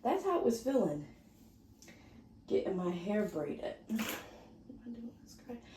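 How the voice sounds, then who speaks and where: A woman's voice: medium pitch, a little slow, slight background noise. A woman vlogger chatting casually to the camera, telling a story and acting out what people said. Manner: animated, chatty, acts out quotes. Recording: echoey room.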